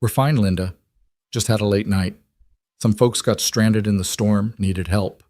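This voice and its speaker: A man voicing a protective single father who speaks calmly and firmly. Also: on the low side, unhurried, no room sound, studio quality. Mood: steady. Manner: calm, firm.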